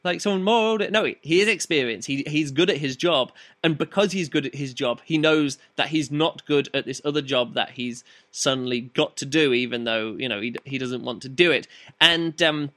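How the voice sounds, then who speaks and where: Man, book review, casual chat, rambling, lots of ums, bright sound. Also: medium pitch, normal speed. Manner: rambling, hesitant, many fillers and restarts.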